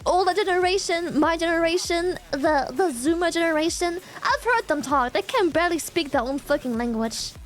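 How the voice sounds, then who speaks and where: A woman's voice: extremely high pitch, expressive, normal speed, hardly any pauses. A woman from Germany with a German accent, her first language German, chatting casually and giggling as a streamer reacting to videos.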